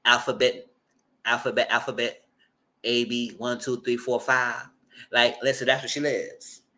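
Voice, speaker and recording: A man hosting a TV recap channel, retelling a story loudly and dramatically, with swearing and "girl" and "y'all" asides, sometimes squealing high voices for the people he quotes. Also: flat delivery, measured pace. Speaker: channel host reviewing TV. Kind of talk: animated casual recap.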